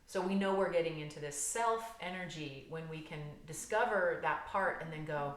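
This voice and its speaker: A woman therapist guiding a somatic healing exercise, calm and gentle, explaining step by step with frequent fillers. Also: low voice, normal speed, hardly any pauses, echoey room, slight background noise.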